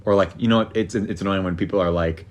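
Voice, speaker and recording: A man's voice: sits low, fairly even intonation, fast. Rambling young man telling a story. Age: young adult. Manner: rambling storyteller, swears, acts out quotes. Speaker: podcast co-host. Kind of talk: casual chat.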